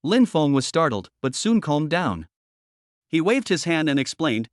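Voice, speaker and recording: A man narrating a romance novel with an even, steady reading. His voice sits a little high for a man and sounds dry and close, with no room around it. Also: unhurried, no echo.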